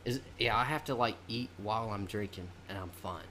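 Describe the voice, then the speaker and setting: A laid-back man, cursing freely and laughing as he chats on a podcast. His voice is very bright and forward, with a faint hiss of noise behind him. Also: fairly low pitch, fairly quick. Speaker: podcast co-host. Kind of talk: casual chat.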